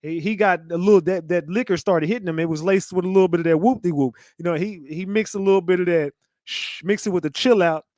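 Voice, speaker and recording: A man giving a casual commentary rant, animated and mocking, often breaking into laughter. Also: high-pitched, quick pace, no echo, clean studio sound. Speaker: commentary channel host.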